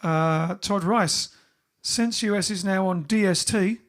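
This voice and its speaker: A man's voice: high-pitched, takes it slowly, fairly bright tone. A man hosting a casual livestream from home, reading out viewers' greetings one by one in a chatty way. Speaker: bandleader and livestream host. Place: home during lockdown.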